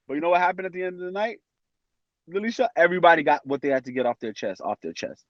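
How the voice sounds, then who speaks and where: Animated man, dry muffled sound. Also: a little high, fast, no room sound. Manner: animated, acts out friends' voices. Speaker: podcast guest. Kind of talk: casual chat.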